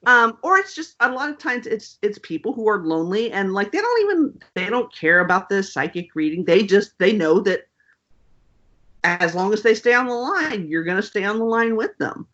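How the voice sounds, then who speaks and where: A woman guest on an interview, talking casually and wryly with lots of "um" and "you know". Her voice is bright and sharp. The recording sounds dull and lo-fi. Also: medium pitch, moderate pace. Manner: animated, wry, lots of fillers. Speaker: author guest.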